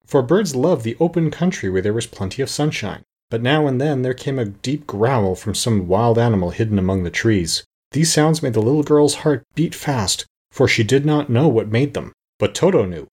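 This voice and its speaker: A man narrating an audiobook in a steady, expressive storytelling manner. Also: mid-range voice, brisk, hardly any pauses, husky. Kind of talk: scripted narration.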